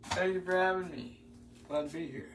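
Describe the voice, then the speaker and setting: A man voicing a halting elderly male politician who stumbles and restarts his words. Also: high-pitched, fairly bright tone. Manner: stumbling restarts, drawn-out emphasis. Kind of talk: parody impression. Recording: roomy, distant mic with faint noise.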